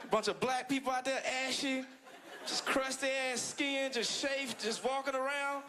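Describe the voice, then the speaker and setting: A man from the United States doing a stand-up set, animated, jumping into high-pitched act-outs and laughing through his lines. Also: normal speed. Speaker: stand-up comedian. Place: comedy club stage with live audience. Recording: loud crowd laughter in club.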